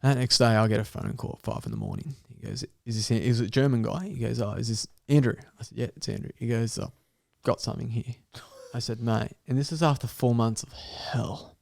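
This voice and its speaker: A man's voice: mid-range voice, fairly quick, gravelly. A man, a podcast guest telling a wild story in casual chat, swearing freely and acting out the dialogue. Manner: animated storyteller, swears freely, laughs often, acts out dialogue.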